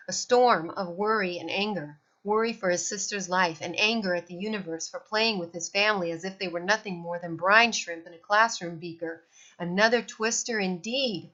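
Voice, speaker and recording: In a mid-range voice, a woman reads a children's novel aloud with expressive storytelling. The recording sounds slightly dull.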